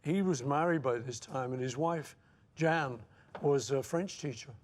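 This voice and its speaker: A man's voice: mid-range voice, a little slow. A man in his seventies, an interview guest reminiscing in conversation, telling anecdotes and acting out old quotes. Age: 70s. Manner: anecdotal, acts out quotes with lively asides.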